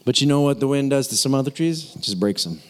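A man's voice: medium pitch, animated, fast talker. A man preaching a sermon in a casual, teasing way, repeating key words for emphasis. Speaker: pastor. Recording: long hall reverb.

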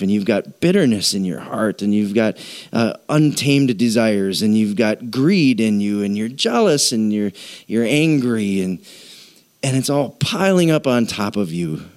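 A male pastor preaching a sermon, animated and conversational, slowing down and dropping low to drive points home. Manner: animated storytelling, voices people in a high pitch, slows and drops low for emphasis.

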